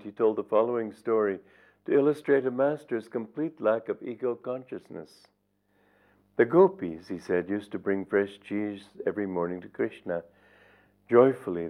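An older man, a spiritual teacher, reading aloud from his book and commenting in a reflective storytelling manner. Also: lowish voice. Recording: tinny lo-fi recording.

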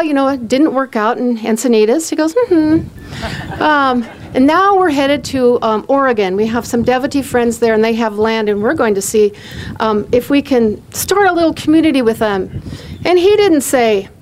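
A woman with a fairly high voice tells her own story. She acts out the people in it, and laughter slips into her words again and again. Her delivery stays lively and personal. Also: a little hiss or hum. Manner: animated, acts out quoted voices; often laughs while talking.

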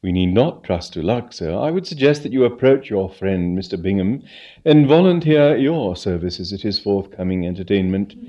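A man doing a quiet formal valet. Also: fairly low pitch, expressive, moderate pace, dull audio. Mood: measured. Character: unflappable, formal, clever male valet.

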